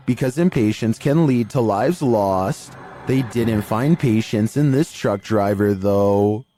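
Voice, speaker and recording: A man giving scripted narration of eerie video clips in a measured, even storytelling delivery. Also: medium pitch. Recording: faint music bed under voice.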